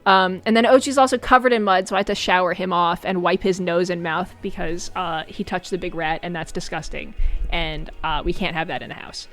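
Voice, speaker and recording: A young woman streaming from home, telling a story to her viewers in a casual, animated way, laughing often and breaking into high squeals. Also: a little fast, faint music behind. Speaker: VTuber streamer.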